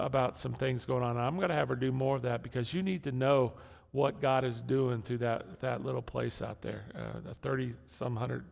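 A pastor delivers a conversational sermon to his congregation in a church sanctuary, repeating key words and restarting phrases. His mid-range voice has vocal fry, and the hall adds long reverb.

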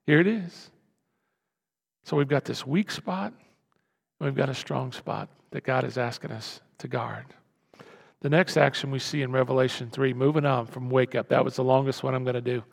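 A man preaching a sermon as pastor, swinging from low, quiet asides to loud, urgent exhortation. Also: normal speed, creaky. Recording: long hall reverb.

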